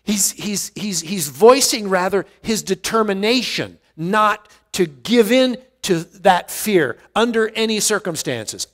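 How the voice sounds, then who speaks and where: A man's voice: high voice, expressive, a little slow, few pauses, fairly bright tone, big-room sound. A male pastor teaching a verse-by-verse Bible study in an earnest way, often restarting words and stressing key phrases.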